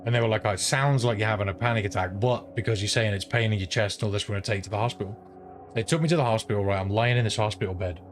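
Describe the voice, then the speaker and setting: A streamer talks in a low, rambling voice, swearing freely as he tells a story between game moments. A clear bed of background noise runs under his home streaming mic. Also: very fast. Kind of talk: casual chat while gaming.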